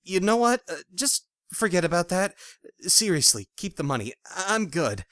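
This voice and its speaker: A male narrator voicing a bold young woman who yells urgent orders in an audiobook. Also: high voice, big pitch swings, normal speed, dry recording, studio quality, voice pushed up. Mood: wary. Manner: raised, urgent, commanding. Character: young woman neighbor, bold and bossy in a crisis.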